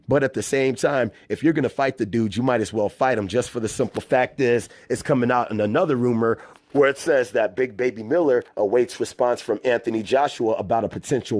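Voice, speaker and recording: A man's voice: mid-range voice, a little mellow, no room sound. A man from the US hosting a boxing news channel, reading articles aloud and giving casual, slangy, fired-up opinions. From United States. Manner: casual, slangy, worked-up commentary.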